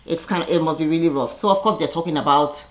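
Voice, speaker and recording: A woman's voice: low-pitched, quick pace. A woman vlogger giving a casual, opinionated recap commentary, chatty and full of fillers.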